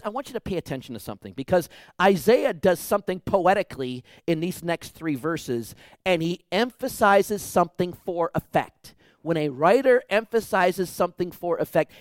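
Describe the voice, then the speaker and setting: A man preaches a sermon with a slightly high voice. He drives his points hard, then drops to a hushed tone. The recording is dry and close. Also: no echo. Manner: emphatic preaching, swings from loud to hushed. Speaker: pastor.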